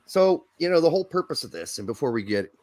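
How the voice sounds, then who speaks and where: A man's voice: on the high side, sing-song, fast talker, darkish tone, no room sound. A man hosting a podcast on a video call from home, chatting casually with lots of fillers and easy laughs. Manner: laid-back, laughing, rambling with fillers. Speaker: podcast host. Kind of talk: casual live-stream chat. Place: home in Indiana.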